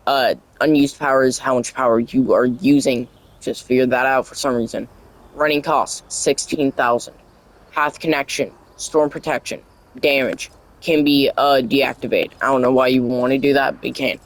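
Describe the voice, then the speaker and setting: A man narrating a casual video game tutorial, reading the game's on-screen text aloud in a halting way with stumbles, his voice wearing out. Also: medium pitch, little pitch movement, low-quality recording. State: losing his voice. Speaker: gaming channel creator.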